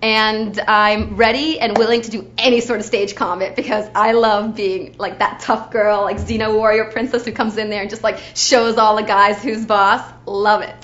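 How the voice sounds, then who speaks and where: A woman's voice: mid-range voice, level tone, normal speed, hardly any pauses, fairly bright tone. Chatty young woman in an audition slate. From Ukraine. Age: young adult. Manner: chatty, bubbly, uses lots of "like". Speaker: actor auditioning. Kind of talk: audition slate, self-introduction. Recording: dull lo-fi recording.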